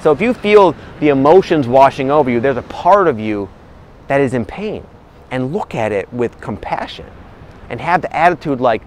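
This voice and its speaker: Man, spiritual vlogger, relaxed, rambling, mid-pitched, faint outdoor traffic. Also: moderate pace, rough recording. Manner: relaxed, rambling, with frequent fillers and restarts. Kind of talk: casual spiritual talk to camera.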